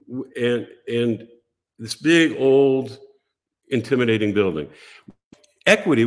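An older man spins an anecdote for a podcast, with a widely swinging, expressive pitch. He slips into the lines of other people as he goes, a practiced storyteller on a chat show. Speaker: podcast guest. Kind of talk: animated anecdote telling.

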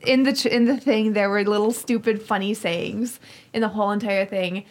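A woman's voice: mid-range voice, steady tone, moderate pace. A woman from Minnesota co-hosting a podcast, chatting casually and laughing as she tells stories. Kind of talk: casual chat.

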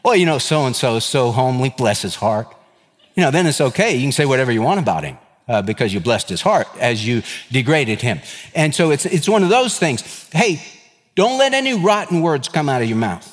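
A man's voice: mid-range voice, sing-song, fairly quick. A man preaching a sermon as pastor, with a conversational delivery that mixes joking asides with earnest exhortation. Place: church sanctuary. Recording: long reverb of a large hall.

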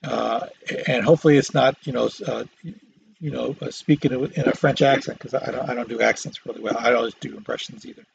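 Gravelly man rambling on a solo podcast. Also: mid-range voice, fairly even intonation, lo-fi sound, slight background noise. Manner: halting, many fillers and restarts, self-deprecating jokes. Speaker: podcast host. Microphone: microphone.

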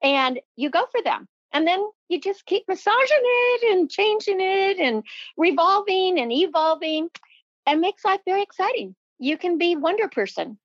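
A woman with a bright, high voice gives an eager, motivational interview from her home library. The sound is close and dry with no room around it. The line is a little muffled and lo-fi. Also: very animated, normal speed, no echo. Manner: effusive and upbeat, motivational. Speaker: podcast guest, motivational speaker. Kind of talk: enthusiastic interview talk. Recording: dull, lo-fi sound.

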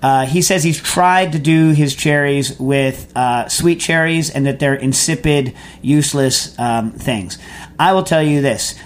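A man's voice: a little high, unhurried. A man hosting a food radio show, answering a listener's question in a rambling, chatty way full of fillers and restarts. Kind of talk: casual call-in answering.

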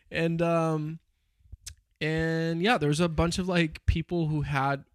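A young man talking in a casual chat, his voice sitting a touch high for a man. He rambles through his stories with plenty of fillers and restarts. The recording is dry and close. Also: slow, dry recording.

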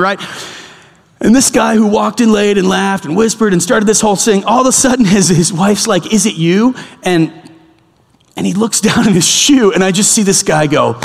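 A middle-aged male pastor telling a story in a sermon, animated and acting out the people in it. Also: high voice, vocal fry. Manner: animated, acts out the people in his stories. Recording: long hall reverb.

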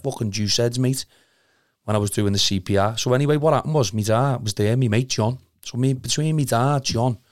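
A man's voice: medium pitch, dry recording, studio quality. A young man with a Liverpool accent telling an emotional story in casual chat, rambling, earnest and swearing a lot. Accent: Liverpool (Scouse). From Liverpool, England.

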